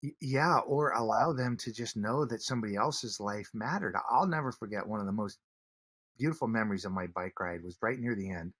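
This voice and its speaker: A man, a guest on an interview podcast, telling a personal story earnestly, with many halting restarts. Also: lowish voice, fairly bright tone, husky, dry recording.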